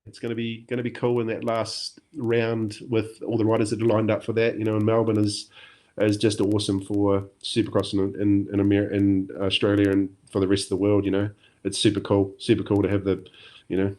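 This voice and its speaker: Low, flat-voiced New Zealand man. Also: brisk. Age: middle-aged. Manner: relaxed, rambling, many fillers and restarts. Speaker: podcast guest, former motocross champion. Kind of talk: casual interview chat.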